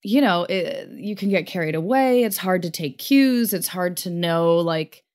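A woman co-host on a casual podcast, her voice a touch low for a woman. She speaks in a thoughtful, affirming way, weighing her points as she talks. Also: animated, measured pace, a little mellow. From United States. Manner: reflective, affirming, thoughtful commentary.

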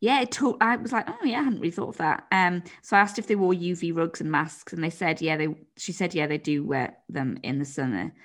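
A woman co-hosting a casual chat podcast, telling stories in a chatty, animated way. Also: on the low side, brisk, few pauses. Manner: chatty, animated storytelling with giggles. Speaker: podcast co-host.

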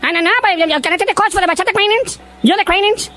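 A man putting on a goofy, excitable male caller obsessed with bachata in a prank phone call, pushy and repeating himself. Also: rapid-fire, faint music behind. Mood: pushy, mocking. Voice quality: squeaky high put-on voice. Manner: pushy, repeats "why you laughing, man". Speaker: comedian.

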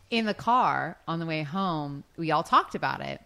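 A woman in her thirties, co-hosting a casual talk, telling animated stories and acting out what people said. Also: low voice, moderate pace. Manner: animated storytelling, acts out quotes. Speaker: podcast co-host. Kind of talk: casual conversation.

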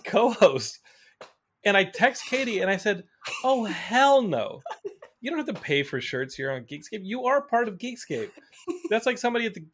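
A man hosting a podcast, chatting casually and telling a rambling, animated story. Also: a little high. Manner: rambling, animated storytelling, reads out viewer comments. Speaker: podcast host. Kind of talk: casual chat.

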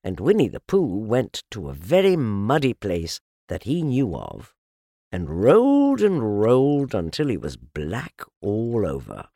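A man narrating a storybook in a slow, deliberate, softly lilting way. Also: lowish voice, wildly swooping pitch, no room sound, clean studio sound. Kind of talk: storybook reading.

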